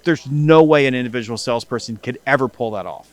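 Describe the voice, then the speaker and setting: A male podcast guest who tells his stories with energy and slips into quoted voices as he goes. His voice sits at a middle pitch for a man, with a relaxed conversational pace. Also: quick pace. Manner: animated, acts out quoted dialogue. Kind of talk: conversational interview storytelling.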